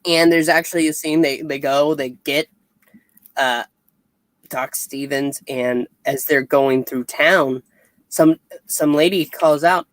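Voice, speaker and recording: A comic review co-host talks slowly and unhurriedly in casual chat. The voice retells scenes by acting out the characters' lines. The recording is dry, with no room sound. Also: medium pitch, fairly even intonation, no room sound, rough recording.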